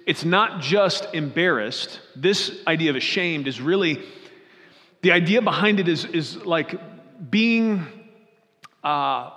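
A man's voice: a little high, a bit bright. A man reading scripture aloud and then preaching, earnest, often putting questions to his listeners and repeating his phrases. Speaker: pastor. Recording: long reverb of a hall.

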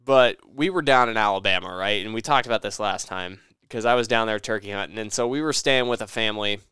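A man's voice: fairly low pitch, fast, clear, resonant tone, no room sound, studio quality. A man co-hosting a casual podcast while playing a video game, ranting and cursing at his plays. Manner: animated, rants and swears at the game. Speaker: podcast co-host.

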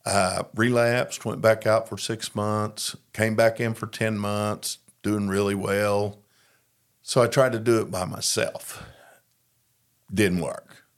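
A middle-aged man with a low, gravelly voice tells his recovery story at an unhurried pace. He speaks plainly and reflectively, pausing on fillers as he works his way through. It sounds like an interview testimony.

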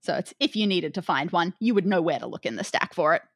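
A woman's voice: fairly low pitch, animated, fast, dry recording, clean studio sound. A woman hosting a podcast as game master, playfully narrating the objects in an escape room puzzle.

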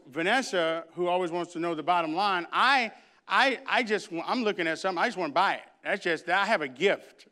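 A man preaching a sermon and reading scripture, emphatic, with loud bursts and hushed asides, and humorous conversational stories. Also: high-pitched, clear, resonant tone. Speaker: pastor.

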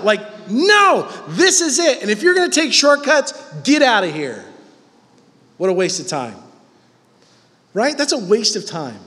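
Guy preaching, casual but punchy, highish voice, long hall echo. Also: very animated, unhurried, long pauses, pushed and bright. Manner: conversational, emphatic. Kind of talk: sermon.

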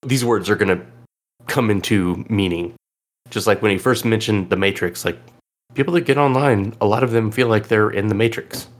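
Male podcast host, very low voice, meandering casual chat. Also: normal speed. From Illinois. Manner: rambling, filler-heavy.

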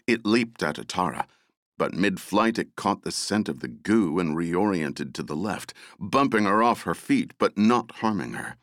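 A man narrating an action novel as an audiobook, dramatic and expressive. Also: deep voice, measured pace, no echo, clean studio sound. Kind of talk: scripted narration.

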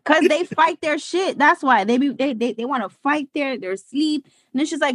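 A woman's voice: high-pitched, moderate pace, hardly any pauses, a bit bright, no room sound, clean studio sound. A woman co-hosting a podcast, talking bluntly and profanely with sassy asides in casual chat. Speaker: podcast co-host.

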